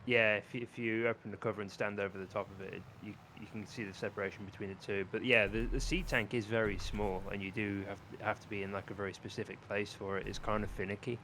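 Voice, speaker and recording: A man walks a friend through a game mechanic, hesitating and restarting as he explains. His voice sits low, with a faint layer of background noise behind it. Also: flat delivery, quick pace, few pauses, fairly bright tone. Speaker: co-player. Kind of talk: casual gaming chat.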